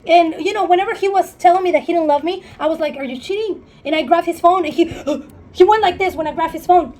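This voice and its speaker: A woman vlogger telling a breakup story to camera, candid and emotional, swearing often and slipping in quick asides. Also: extremely high pitch, a little mellow. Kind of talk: storytime monologue.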